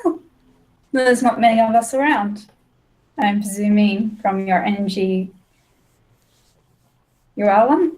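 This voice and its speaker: A woman's voice: medium pitch, takes it slowly, pauses often, a little mellow, rough recording. Woman, tabletop player, casual, chatty, laid-back. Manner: casual, full of "like" fillers.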